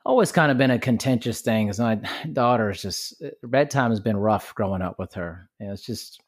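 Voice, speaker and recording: Relaxed low-voiced male podcast host. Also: moderate pace. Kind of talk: casual interview chat.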